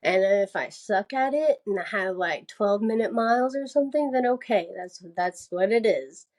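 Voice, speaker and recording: A woman's voice: medium pitch, animated, normal speed, a little mellow. A young woman from the American South chatting casually as a podcast guest, laughing often and filling her speech with "like". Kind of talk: casual interview chat.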